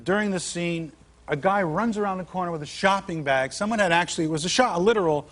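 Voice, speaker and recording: A man's voice: high-pitched, fast talker, a bit bright. Joking man telling stories on a talk show. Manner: joking storyteller who mimics other voices. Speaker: talk show guest, comedian and TV actor. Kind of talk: comic anecdote on a late-night talk show. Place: TV studio with a live audience. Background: studio audience.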